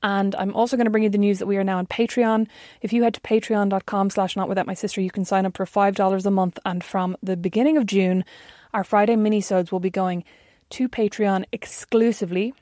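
A woman's voice: medium pitch, level tone, a little fast, few pauses, mellow, dry recording, studio quality. A woman co-hosting a casual podcast, chatty and self-deprecating, laughing often. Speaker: podcast co-host. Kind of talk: casual chat.

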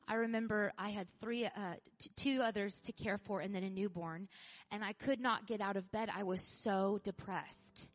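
A woman pastor with a mid-range voice preaches an animated sermon. She laughs often, repeats phrases, and builds up to loud emphasis.

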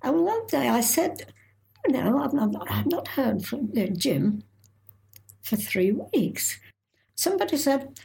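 Gravelly-voiced older woman, halting. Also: high voice, big pitch swings, mellow. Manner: halting, with many restarts and pauses. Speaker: interviewee. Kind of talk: oral history recollection.

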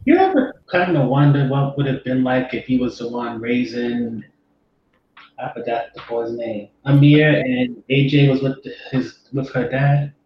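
A man's voice: medium pitch, unhurried. Laid-back man in a roomy, dull recording. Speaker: co-host asking questions. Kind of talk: casual podcast chat. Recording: dull, roomy mic with faint noise.

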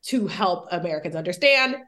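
A woman's voice: on the low side, expressive, a little fast, bright, forceful tone. A young woman, a comedy writer, chatting casually as a podcast guest, talking things through thoughtfully and laughing now and then. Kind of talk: casual chat.

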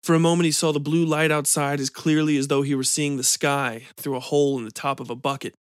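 A man hosting a podcast and reading a short story in an even, measured way. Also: a little high, no room sound, clean studio sound. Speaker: podcast host and narrator. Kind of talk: scripted story narration.

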